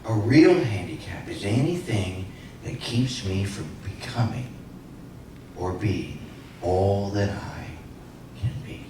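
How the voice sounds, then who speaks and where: An inspirational speaker in his sixties takes it slowly, his voice on the low side with lively intonation, as he tells a personal story full of comic punchlines. The recording is from a distance in an echoey hall, with background noise.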